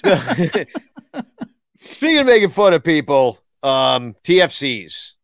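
Male podcast co-host, jokey banter, bouncy pitch, dry close sound. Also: sing-song, slow, no echo. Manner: laughing, joking banter. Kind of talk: casual chat.

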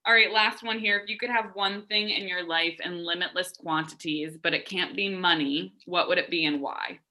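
Bright, chatty woman podcast host. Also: lowish voice, fairly even intonation, moderate pace. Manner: upbeat, chatty with fillers. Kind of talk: casual chat, quizzing guests.

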